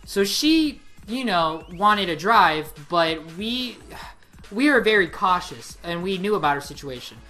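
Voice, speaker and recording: A young woman in her late teens telling a story on her vlog, excitable and rambling, with lots of "like" fillers. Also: fairly low pitch, a little slow, faint music behind. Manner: excitable, rambling, heavy use of 'like'. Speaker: vlogger. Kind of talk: casual storytelling.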